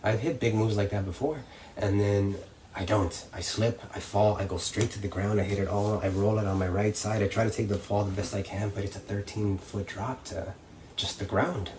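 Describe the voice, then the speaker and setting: A man's voice: fairly low pitch, steady tone, normal speed, a little mellow. A young man, a professional wrestler, telling a story casually and acting out voices and crowd reactions. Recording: slightly distant mic, faint background noise.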